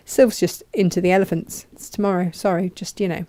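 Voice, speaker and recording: A middle-aged woman hosting a live craft show, chatting brightly and reading out viewers' greetings. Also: medium pitch, brisk. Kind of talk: casual live-stream chat.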